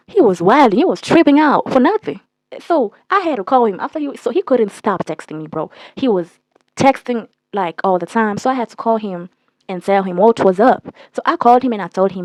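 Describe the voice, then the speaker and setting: A young woman telling a casual, profane storytime with a blunt, animated delivery. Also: mid-range voice, a little fast, no echo. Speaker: storytime vlogger.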